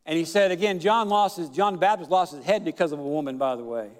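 In a big church hall with a lingering echo, a male pastor preaches in a voice that is high, smooth and resonant. His storytelling halts with fillers at times, and he stretches and shouts important words for emphasis.

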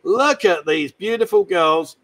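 Man, high-pitched, cheeky, rambling, bar host. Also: expressive, a little slow, fairly bright tone, rough recording. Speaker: livestream host. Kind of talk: casual banter. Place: bar, indoors.

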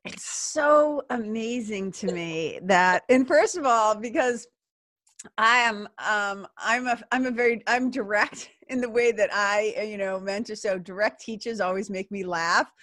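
A woman's voice: mid-range voice, measured pace, fairly bright tone, dry recording. A woman hosting an interview, talking casually with lots of fillers and laughter. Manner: chatty, filler-heavy, laughs as she talks. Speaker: podcast host.

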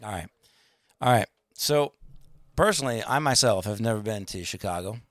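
A man's voice: lowish voice, animated, moderate pace, dry recording. A man telling a long anecdote in casual chat, rambling with many fillers and restarts and acting out the people he quotes.

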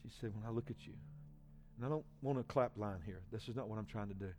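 A man in his forties, a pastor, giving an emotional personal testimony in a sermon, swinging from hushed to loud. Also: lowish voice, fast, faint music behind. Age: 40s.

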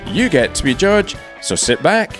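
A man's voice: on the high side, sing-song, normal speed, a bit bright, faint music behind. A man hosting a podcast, reading a wry intro with self-mocking asides, then chatting casually with his guest. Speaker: podcast host. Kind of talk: scripted intro then casual interview chat. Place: large empty echoing conference room.

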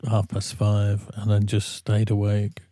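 A man's voice: lowish voice, completely flat delivery, measured pace, warm tone, dry recording, studio quality. A tired man, a singer and regular guest, telling rambling self-deprecating stories in casual podcast chat. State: tired from a sleepless night.

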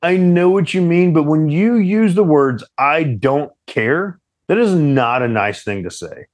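A young man co-hosting a casual relationship chat with his partner, teasing and animated as he tells stories. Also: on the high side, normal speed, no echo. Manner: playful, teasing, animated storyteller. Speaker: podcast co-host.

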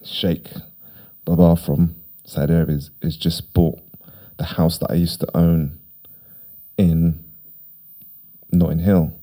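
A man's voice: low voice, level tone, takes it slowly, long pauses, warm tone. A middle-aged man, a podcast guest talking casually, rambling and repeating himself with emphasis. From United Kingdom. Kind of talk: casual conversation.

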